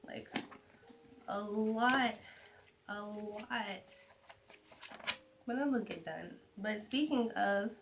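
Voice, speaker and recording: A woman's voice: medium pitch, drawn-out words, pauses often. Young woman rambling about books she's reading, chatty, bit of faint hiss behind. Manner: chatty, animated, drops to soft asides. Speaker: vlogger. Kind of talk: casual book chat to camera.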